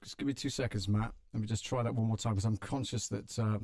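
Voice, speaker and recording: A British man hosting a live stream, chatting in a relaxed, self-deprecating way. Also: lowish voice, quick pace, no room sound, studio quality. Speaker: live-stream host and voiceover artist. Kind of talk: casual chat on a live stream.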